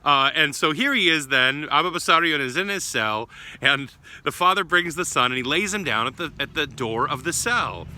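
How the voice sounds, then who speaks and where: Priest guy telling a little saint story, warm and gentle, sharp bright voice. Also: on the high side, expressive, moderate pace. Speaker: Orthodox priest. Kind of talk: short homily with storytelling. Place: church grounds.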